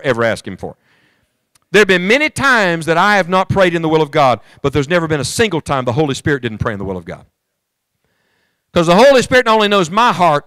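In a church, a middle-aged evangelist preaches a sermon with fervor, his voice rising and falling as he addresses the congregation directly. The voice is on the high side and fairly bright, in a dry recording.

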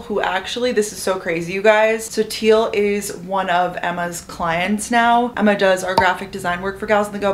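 A woman's voice: mid-range voice, a little hiss or hum. A young woman in her twenties chatting casually to the camera as a lifestyle vlogger, rambling with lots of "like". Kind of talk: casual vlog chat to camera. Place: city apartment and streets.

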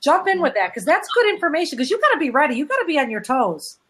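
A woman with a slightly high voice hosts a panel discussion. She speaks in an encouraging, reflective way, drawing her guests into the talk. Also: big pitch swings, fast, a bit bright. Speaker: host.

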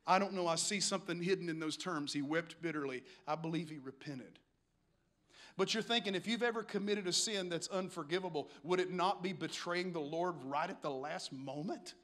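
A male pastor preaching with a high, bright, ringing voice. He tells the story with dramatic swings, drifting down to a hush and then climbing to a shout. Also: moderate pace. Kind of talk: sermon.

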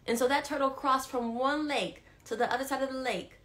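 A woman leading a live-stream devotional, telling a story to her viewers, animated and repeating key lines for emphasis. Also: high-pitched, a little fast. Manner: talks straight to viewers, asks if they follow. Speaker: women's ministry leader.

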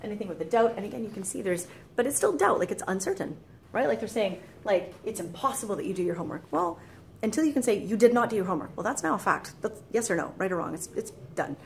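A woman teaching a casual language lesson, talking fast in a mid-range voice. She rambles, laughs easily and acts out little quoted thoughts. A faint hum sits behind her. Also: mid-range voice, very animated, vocal fry. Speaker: French tutor.

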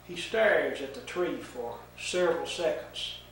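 Older guy telling a bible story nice and slow, high-ish voice, echoey room, far from the mic. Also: lively intonation, a bit bright, slight background noise. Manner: slow, folksy storytelling with fillers. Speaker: Bible teacher.

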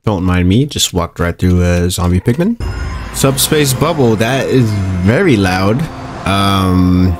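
A young man giving casual, upbeat commentary while playing a video game, thinking aloud with quick exclamations. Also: sits low, animated, darkish tone, faint music behind. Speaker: gaming YouTuber.

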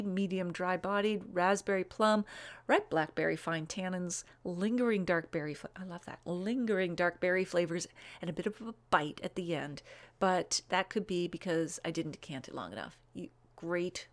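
Chatty woman hosting a live wine show. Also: fairly low pitch. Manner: chatty and bubbly, with frequent "um"s and quick asides; gushing over wines, rattling off names and tasting notes. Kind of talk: casual live-stream chat, reading viewer comments.

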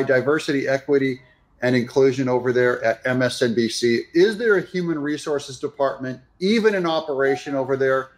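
A man giving sarcastic, animated reaction commentary on news clips. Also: on the high side. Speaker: political commentator.

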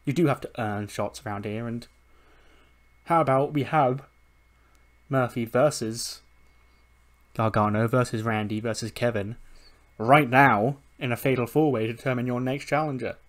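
This is a level-headed male general manager, played by a man narrating a game. He lays out the rules patiently and in an even way. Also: mid-range voice, moderate pace, pauses often, close to an everyday voice. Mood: calm.

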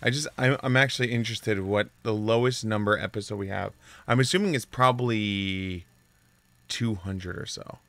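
A man's voice: fairly low pitch, normal speed, creaky, a bit bright. A man chatting casually while streaming a game live, offhand and swearing at the game now and then.

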